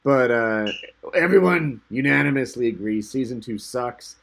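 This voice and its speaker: A man's voice: mid-range voice, expressive, normal speed, vocal fry, a bit bright. A man co-hosting a podcast in casual chat, rambling and loose with some swearing. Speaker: podcast co-host.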